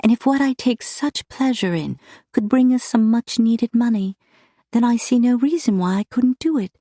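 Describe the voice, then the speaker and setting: A shy, earnest young woman, as a narrator puts her on in an audiobook. Her voice lifts high and a little breathless, and she talks with an eager rush. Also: expressive, normal speed, warm tone, dry recording, studio quality.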